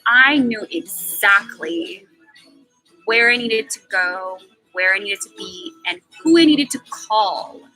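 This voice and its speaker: A woman's voice: medium pitch, animated, slow, bright, forceful tone, faint music behind, poor audio. A woman in her twenties speaking in a candid personal monologue on a live stream, emphatic and blunt, swearing freely and repeating words for stress. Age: 20s.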